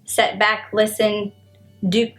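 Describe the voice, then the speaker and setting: This is a woman in her thirties, speaking in an earnest, reflective monologue. She has a mid-range voice and animated emphasis, with small restarts as she thinks aloud. Faint music plays behind her. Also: medium pitch, slow. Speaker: vlogger.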